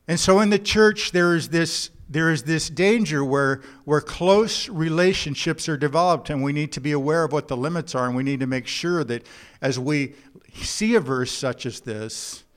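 A man preaching a sermon in an earnest, unhurried way, sometimes halting and repeating words as he builds a point. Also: on the high side, a bit bright. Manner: earnest preaching with told jokes and a drawn-out, halting delivery. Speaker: pastor.

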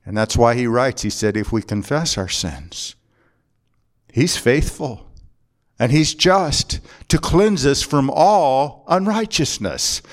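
A man preaching a sermon as a pastor, earnest and deliberate, slowing down and pausing to press his points home. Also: mid-range voice. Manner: earnest preaching with slow emphatic pauses.

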